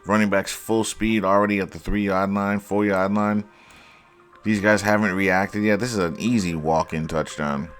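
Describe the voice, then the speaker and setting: A man with a low, deep voice walks through football game film in a casual breakdown, blunt and sarcastic as he pokes fun at the blown plays. Soft music plays faintly behind him. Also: steady tone, normal speed.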